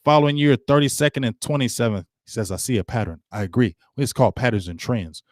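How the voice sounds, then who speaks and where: A man's voice: quick pace, no room sound, clean studio sound. A man hosting his own football talk show, speaking casually in slang and repeating himself as he gets worked up. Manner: animated, slangy, repeats himself, rises in pitch when fired up. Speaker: sports talk show host. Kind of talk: casual solo sports commentary.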